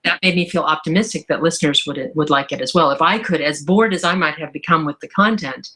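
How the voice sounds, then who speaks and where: A woman's voice: low-pitched, fast talker, a bit bright. A woman author answering interview questions in a thoughtful, enthusiastic way. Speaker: author guest.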